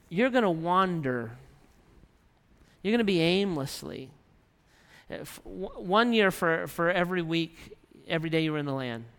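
A man's voice: high-pitched, a bit bright, clear, resonant tone. A man preaching a sermon, reading scripture aloud and then retelling it in his own emphatic words. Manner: reads scripture then paraphrases God's voice with emphasis. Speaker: pastor. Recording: reverberant hall.

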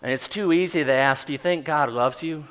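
A middle-aged man preaching a sermon as pastor, earnest, with soft quiet drops and emphatic bursts. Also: on the high side, brisk.

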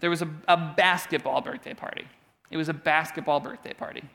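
Animated man in his thirties preaching. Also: on the high side, a little fast, vocal fry. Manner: animated storytelling with humor. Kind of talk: sermon.

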